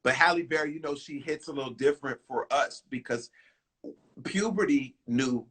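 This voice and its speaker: A man from Houston, a singer, telling a lively story in an interview, acting out what people said and breaking into song. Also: fairly high pitch, moderate pace, breathy edge. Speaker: guest singer.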